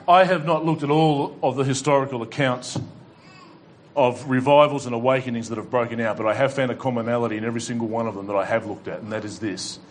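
A man's voice: medium pitch, steady tone, fast, slight background noise. A male pastor preaching a sermon to a congregation, fervent and exhorting, with dry humorous asides. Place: church hall with congregation.

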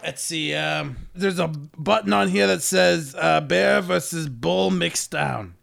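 A man's voice: a little high, slow, gravelly, music in the background, full character voice. A man voicing a crude, boastful male company boss who talks in ungrammatical tough-guy slang, in an improvised comedy podcast bit. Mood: cocky. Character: crude boastful male CEO Eddie, brother, middle-aged. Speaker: podcast co-host.

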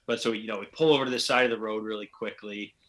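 A man's voice: on the low side, fairly even intonation, fast talker, a bit bright. A man telling a long, rambling story in a casual podcast chat, acting out the voices of the people he quotes. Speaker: podcast guest, pro hockey player.

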